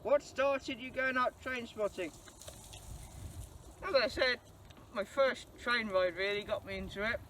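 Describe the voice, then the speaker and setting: A young man, speaking in a very high, bright voice. He chats enthusiastically and laughs often. The mic sits some distance away, with a faint hum of noise behind him. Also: a little slow, pauses often. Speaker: channel host answering viewer questions. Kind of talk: casual Q&A monologue.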